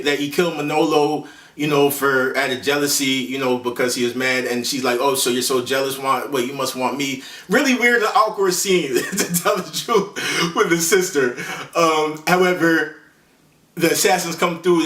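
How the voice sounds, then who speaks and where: A man's voice: a little high, moderate pace, a bit bright. A man hosting a casual movie countdown, rambling in slang with lots of fillers and self-corrections. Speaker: host. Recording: echoey room, voice far from the mic.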